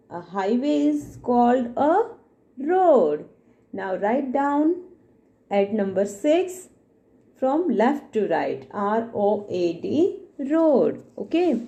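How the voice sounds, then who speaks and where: A woman's voice: a little high, dark tone, muffled recording. A woman teacher gives a phonics lesson to young children, spelling words out letter by letter and explaining patiently.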